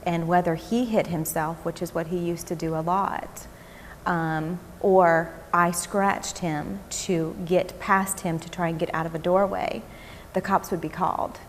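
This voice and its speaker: A woman tells her own story in a documentary interview. She speaks haltingly, with fillers and restarts. Her voice is fairly low, and faint background noise sits under it. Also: steady tone.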